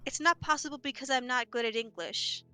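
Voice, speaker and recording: A woman's voice: sits high, fairly quick, bright, forceful tone, smooth, soft background music. A woman with a nasal voice, chatting and joking casually while co-hosting a game stream. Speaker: streamer, co-host. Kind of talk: casual gaming chat.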